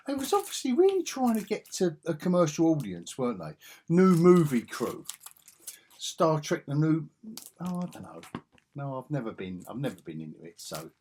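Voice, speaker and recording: A man's voice: on the high side, wildly swooping pitch, normal speed, warm tone, a little hiss or hum. A man, musing aloud in a rambling, casual way as he looks through old comic magazines. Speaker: comic collector vlogger. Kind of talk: casual chat while flipping through magazines.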